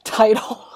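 A woman with a higher, lively voice co-hosts a casual podcast, dropping quick jokes and asides into the conversation. Her pitch bounces around expressively. The sound is close and dry. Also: dry recording. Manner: quick, joking interjections. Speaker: podcast co-host. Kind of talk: casual chat.

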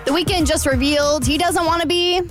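A woman's voice: high voice, steady tone, fairly quick, over loud music. A woman hosting an entertainment news segment on a radio show, telling celebrity stories in a chatty, giggly way.

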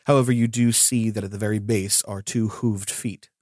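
A man's voice: fairly low pitch, fairly even intonation, normal speed, darkish tone, no room sound, clean studio sound. A man narrating a tabletop game as game master, describing scenes in detail.

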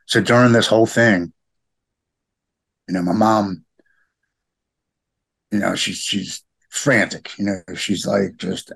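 Middle-aged man, podcast guest, rough husky low voice, halting heartfelt delivery. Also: steady tone, a bit bright. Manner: halting, repeats words, heartfelt. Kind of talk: emotional personal conversation.

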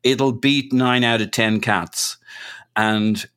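A man's voice: mid-range voice, fairly even intonation, takes it slowly, fairly bright tone, clean tone. A man co-hosting a casual football podcast, talking in long rambling turns, joking at himself and swearing now and then. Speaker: podcast co-host.

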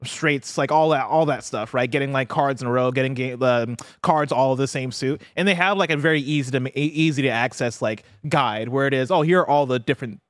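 A man co-hosting a casual gaming talk show, explaining a game in a rambling, animated way. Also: mid-range voice, brisk, hardly any pauses, dry recording, clean studio sound. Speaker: podcast co-host. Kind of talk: casual chat.

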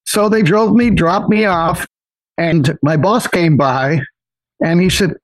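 A man's voice: a little high, unhurried, dry recording, low-quality recording. An older man, a podcast guest, telling a personal story in a rambling, folksy way, often saying "so anyway".

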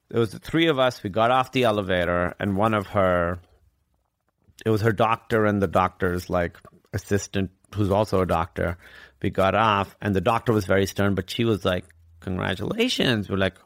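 A man guest in an interview, telling a personal story in an earnest, reflective way with halting restarts. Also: on the low side, steady tone, a bit bright, no echo, clean studio sound.

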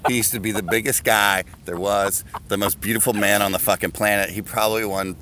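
A man's voice: fairly low pitch, steady tone, brisk, pushed and bright, a little hiss or hum. A man in casual podcast chat, telling a profane story and acting out other people's voices. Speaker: podcast guest.

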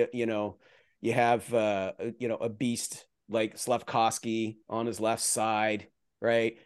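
A man's voice: medium pitch, a little mellow, smooth, no echo, studio quality. A man talking as a guest analyst in a casual podcast chat, rambling with restarts and jokey asides.

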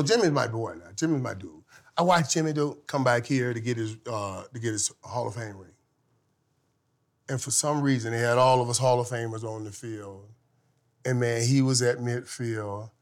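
A man telling stories as a guest, animated and laughing, swinging from loud outbursts to hushed tones. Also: mid-range voice, moderate pace. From from Saint Thomas. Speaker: guest, former football player. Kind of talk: casual storytelling.

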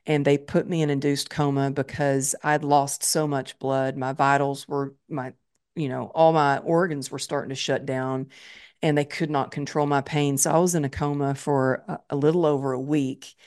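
A woman's voice: extremely low pitch, little pitch movement, normal speed, darkish tone. A woman telling her personal story as a podcast guest, vividly retelling it and acting out her own past thoughts.

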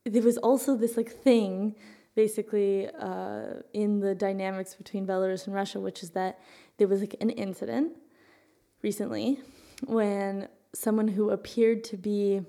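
Woman, casual podcast chat, rambling explanation, vocal fry, warm dark tone. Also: mid-range voice, little pitch movement, normal speed. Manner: rambling, searching for words. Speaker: podcast co-host.

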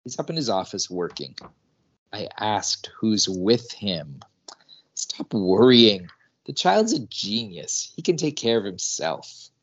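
A man's voice: on the low side, sing-song, slow, muffled recording, full character voice. A man doing a condescending alien scientist. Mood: dismissive. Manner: dry, condescending. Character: aloof alien male scientist, dismissive.

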